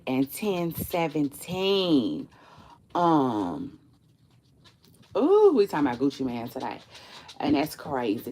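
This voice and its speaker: Animated, slow-talking woman vlogger. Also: deep voice, a little hiss or hum. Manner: animated, profane and chatty, addresses viewers directly. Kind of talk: casual chat to camera.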